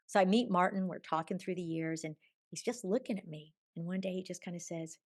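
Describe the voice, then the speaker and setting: Expressive woman telling a spiritual story. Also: fairly low pitch, fairly quick, no echo, studio quality. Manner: expressive, swinging from hushed murmurs to bright exclamations; chatty, tumbling run-on sentences. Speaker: podcast guest.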